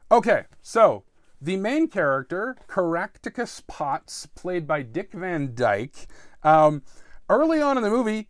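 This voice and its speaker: Animated, lively-voiced male podcast host. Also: no room sound, clean studio sound. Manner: animated, swings between loud asides and low mutters, frequent ums. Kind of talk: improvised comedic podcast monologue.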